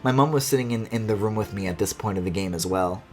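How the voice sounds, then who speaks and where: A man with a fairly low voice streams a video game at a quick pace, offering sarcastic, rambling let's-play commentary laced with swearing. Faint game music plays in the background.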